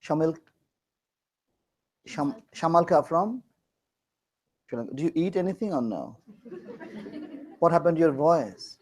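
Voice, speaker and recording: A man's voice: fairly high pitch, sing-song, takes it slowly, long pauses, darkish tone, rough recording. A man from Bangladesh teaching a class, teasing and joking as he quizzes his students. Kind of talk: classroom lecture.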